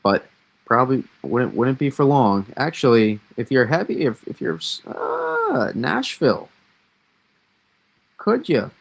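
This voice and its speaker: A man with a Massachusetts accent hosting a casual live weather analysis, thinking aloud in a halting way with many fillers. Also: mid-range voice, expressive, gravelly. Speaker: weather stream host.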